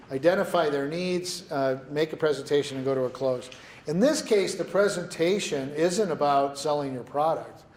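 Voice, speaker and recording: A man giving a business workshop talk to a live audience, telling lively stories and asking the room questions. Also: on the high side. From New Mexico. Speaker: workshop presenter. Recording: echoey meeting room.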